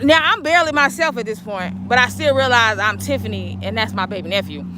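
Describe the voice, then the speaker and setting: A woman vlogging outdoors on a city street while waiting for a bus, telling a story in an animated, emphatic, colloquial way. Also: fairly high pitch, brisk, noisy background. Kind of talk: casual storytelling vlog.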